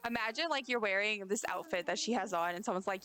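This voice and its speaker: A woman's voice: mid-range voice, lively intonation, fast, pushed and bright. A woman streamer chatting casually while playing a game, giggling and talking to the characters on screen. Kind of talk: casual gameplay chat.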